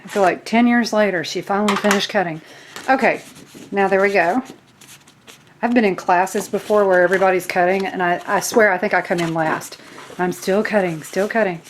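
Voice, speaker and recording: Hosting a relaxed craft tutorial, a Southern US woman with a mid-range voice talks to her viewers while working, poking fun at herself. Slight background noise can be heard.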